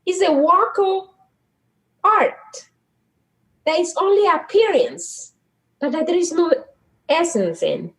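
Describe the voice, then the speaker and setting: Guest: middle-aged woman, Dominican Spanish accent, high and very animated voice, storyteller who hunts for words. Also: takes it slowly, long pauses, low-quality recording. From Dominican Republic. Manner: animated, searching for words, laughs easily. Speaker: guest, social worker. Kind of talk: casual conversational storytelling.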